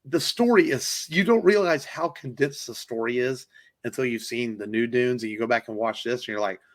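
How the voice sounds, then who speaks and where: A man co-hosting a podcast chats about films, rambling happily, leaning on fillers and swearing now and then. He speaks at normal speed with a medium-pitched voice.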